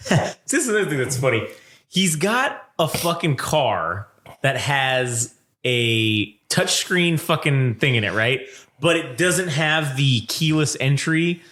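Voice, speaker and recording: A man's voice: on the high side, fairly bright tone. A man co-hosting a comic book review podcast, chatting casually with amused, profane commentary. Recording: roomy echo.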